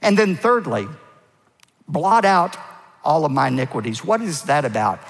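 A man preaching a sermon as pastor, stressing key words with rising pitch and letting phrase ends fall low. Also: vocal fry, a bit bright. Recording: long hall reverb.

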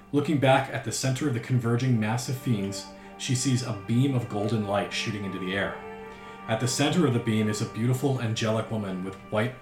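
A man narrating a tabletop game as game master in a relaxed way. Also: on the low side. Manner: relaxed, with frequent "uh" fillers. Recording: roomy with background music.

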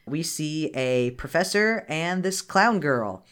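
A woman's voice: low-pitched, animated, slow pace, clear, resonant tone. A woman co-hosting a podcast, casually retelling a movie plot with laughs and swearing. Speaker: podcast co-host. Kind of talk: casual chat recapping a movie.

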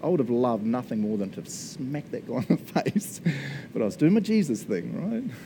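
A man with a New Zealand accent preaching a lively, playful sermon, laughing often and now and then shouting for joy. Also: mid-range voice, normal speed, background noise.

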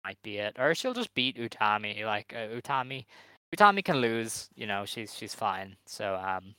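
A man co-hosting a wrestling podcast, speculating in a relaxed way with lots of ums and hedges. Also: fairly low pitch, normal speed, clear, resonant tone, no echo. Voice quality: hesitant, hedging, many fillers. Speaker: podcast co-host. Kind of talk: casual chat.

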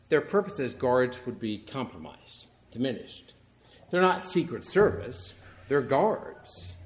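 Priest preaching a story-filled homily. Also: male voice, medium pitch. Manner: storytelling, conversational with wry humor.

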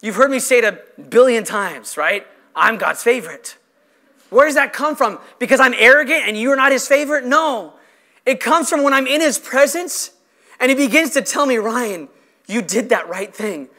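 High, bright-voiced impassioned male pastor. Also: expressive. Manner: impassioned, emphatic preaching with slow stressed phrases. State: emotional. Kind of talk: sermon.

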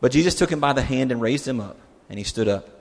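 A man's voice: mid-range voice, animated, quick pace, vocal fry. A male pastor giving a conversational sermon, putting rhetorical questions to his listeners. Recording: long hall reverb.

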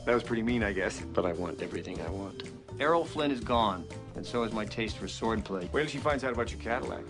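A man's voice: lowish voice, lively intonation, quick pace, music in the background. An actor playing a witty, hard-drinking older male ad executive, delivering dry sardonic one-liners. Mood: wry.

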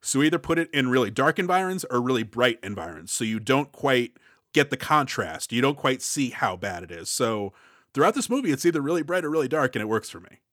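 A man's voice: medium pitch, big pitch swings, a little fast, fairly bright tone, no echo, clean studio sound. Man co-hosting a podcast, recapping plots. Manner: summarizes plots, explains his theories. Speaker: podcast co-host. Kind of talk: casual movie discussion.

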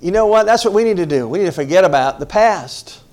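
Male pastor, middle-aged, from the northern US, emphatic, conversational sermon, questions the crowd, fairly high voice. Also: animated, fast talker, darkish tone. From northern United States. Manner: emphatic, talks directly to the congregation with questions.

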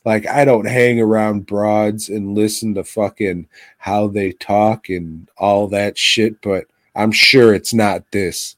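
Man, low voice, slow drawl, sarcastic, profane, dry close sound. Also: dry recording. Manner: profane, sarcastic, animated outbursts. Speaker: podcast co-host. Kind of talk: crude casual film chat.

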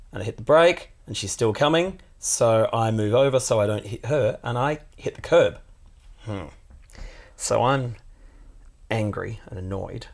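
A man tells a story on a casual podcast. His lowish voice is gravelly and sways widely in pitch as he talks. He drifts into high put-on voices when he quotes people. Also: darkish tone. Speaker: podcast co-host.

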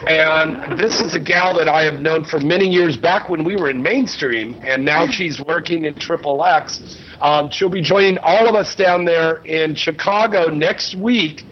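High-voiced hype emcee at a store event. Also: male voice, a little slow, a bit bright. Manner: joking, hyped emcee. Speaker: event host. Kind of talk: live event hosting banter. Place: busy store at a fan signing event. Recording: muffled, noisy live recording.

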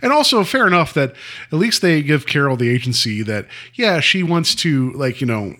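Guy on a podcast, kinda high voice, sarcastic, laughs a lot. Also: normal speed. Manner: animated, sarcastic, laughs often. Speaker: podcast co-host. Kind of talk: casual podcast chat.

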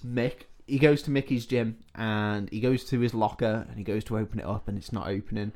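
A man's voice: on the low side, fairly even intonation, a little fast, a little mellow. A man co-hosting a podcast, casually retelling film scenes with jokes and swearing. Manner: joking, swearing, recounting scenes. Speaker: podcast co-host. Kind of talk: casual film recap chat.

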